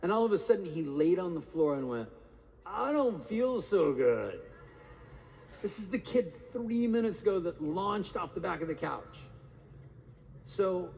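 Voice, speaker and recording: A man giving an energetic live talk to an audience in a large hall, firing rhetorical questions at the crowd. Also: sits high, moderate pace, gravelly, pauses often. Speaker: motivational speaker. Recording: reverberant live hall, faint room noise.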